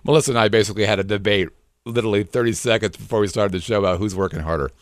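Middle-aged guy cohosting a podcast, lowish voice, jokey rambling, dry close sound. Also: very fast, no echo. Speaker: podcast co-host. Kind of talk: casual chat.

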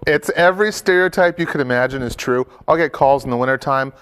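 A man's voice: mid-range voice, fast talker, a bit bright, smooth. A man from Ohio co-hosting a casual show, trading dry, wry quips. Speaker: co-host. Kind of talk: casual chat.

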